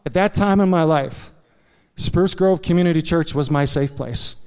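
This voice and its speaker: Guy preaching in church, kinda high smooth voice, big echoey hall, keeps asking "right?" to the crowd. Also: normal speed, a little mellow. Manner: candid, confessional storytelling with frequent "right?" asides to the congregation. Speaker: pastor. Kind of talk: sermon. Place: church sanctuary.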